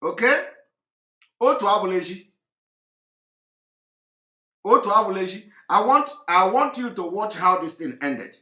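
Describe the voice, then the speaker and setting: A man's voice: high voice, lively intonation, sharp tone, roomy sound. A man giving emphatic, repetitive commentary on a clip during a live broadcast. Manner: drawn-out, repetitive preaching delivery.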